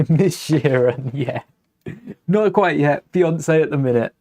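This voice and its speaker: A man's voice: a little high, slow, darkish tone. A young man hosting a casual live stream, chatting and thinking aloud while building, often correcting himself mid-sentence.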